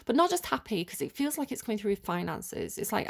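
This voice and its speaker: A woman's voice: medium pitch, expressive, fast, creaky. A woman giving an unscripted tarot reading, rambling and tentative as she thinks aloud and fills her talk with "like" and "kinda". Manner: rambling and chatty, full of "like" and "kinda". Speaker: tarot reader.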